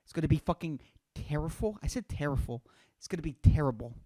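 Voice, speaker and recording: A man's voice: fairly high pitch, fast, warm tone, no echo. Twenty-something dude ranting on his podcast, cursing a ton, rambly, dry close sound. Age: 20s. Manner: profane, rambling, lots of "dude" and "man". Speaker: podcast host. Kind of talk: solo comedic rant.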